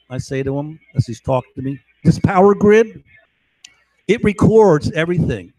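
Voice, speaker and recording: A man's voice: fairly high pitch, lively intonation, moderate pace, warm tone, no room sound, low-quality recording. A man at home talking into a microphone in a rambling, agitated live monologue, swearing and repeatedly checking in with "right?" and "okay?". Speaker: livestreamer. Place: at home, indoors.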